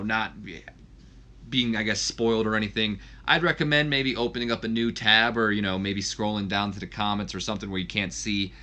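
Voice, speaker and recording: A man's voice: fairly low pitch, sharp tone. A man casually narrating a wrestling game session, rambling with fillers. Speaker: let's play host.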